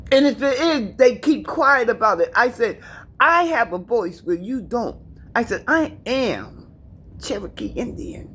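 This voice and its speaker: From her apartment, a middle-aged woman vlogs an emphatic, preachy personal rant to her viewers, repeating herself to drive points home. Her voice is somewhat high and a touch bright.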